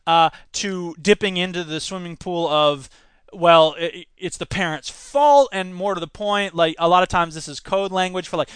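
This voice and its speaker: A man in his thirties with a notably high voice delivers opinionated commentary as a podcast host. He talks emphatically, reading passages aloud and then reacting to them. The sound is dry and close, with no room echo. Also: animated, moderate pace, a bit bright, clean tone. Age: 30s.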